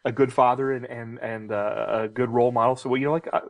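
A man's voice: mid-range voice, fairly even intonation, gravelly. A man who produces a TV series, telling behind-the-scenes stories on a panel, full of "you know" and "like". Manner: fast storyteller, heavy with fillers. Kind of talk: lively panel anecdotes.

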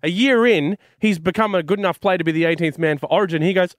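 Excitable Australian man, lively pitch. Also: no room sound, clean studio sound. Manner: excitable, quick asides. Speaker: radio co-host. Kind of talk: sports radio banter.

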